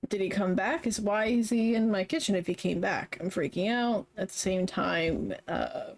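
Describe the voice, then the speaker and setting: A young woman streamer reading a story game aloud, chatty and quick to laugh between lines. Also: medium pitch. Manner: chatty, laughs often, reads narration then comments. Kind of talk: reading a visual novel aloud with commentary.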